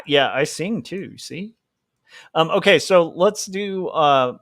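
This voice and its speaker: A man's voice: mid-range voice, a little slow, fairly bright tone, no room sound, clean studio sound. Joking man chatting on a livestream. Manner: joking, rambling, self-mocking. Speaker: livestream host, comic artist. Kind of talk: casual livestream chat while drawing.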